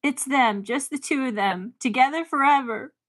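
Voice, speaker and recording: A woman's voice: high voice, normal speed, a bit bright. Chatty woman talking back at the screen. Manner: chatty, talks back at the screen, laughs often. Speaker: vlogger reacting to a TV series. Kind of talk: casual watch-along commentary.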